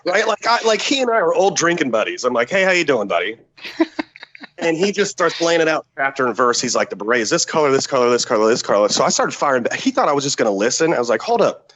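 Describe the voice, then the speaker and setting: A former special forces man tells a story as a podcast guest, cursing freely and animated as he acts out what people said. His voice sits at an ordinary middle pitch. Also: fast, few pauses, rough recording. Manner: profane, animated, acts out quotes. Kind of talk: casual storytelling.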